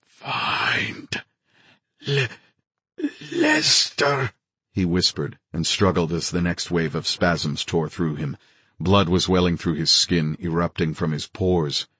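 A man's voice: low voice, flat delivery, unhurried, fairly bright tone, slightly rough, dry recording. A man narrating a thriller audiobook in the first person, with a tense, grave delivery.

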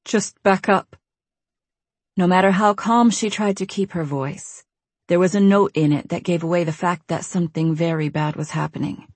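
A woman narrating an audiobook with tense, steady storytelling. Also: on the low side, fairly quick, breathy edge, no room sound. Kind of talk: scripted narration.

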